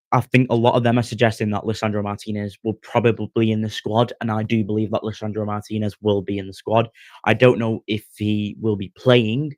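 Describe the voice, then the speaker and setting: A man's voice: on the low side, darkish tone, no echo, studio quality. Rambling man hosting a football podcast. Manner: rambling, chatty, often restarts mid-sentence. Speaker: podcast host. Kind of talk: casual live-streamed football preview.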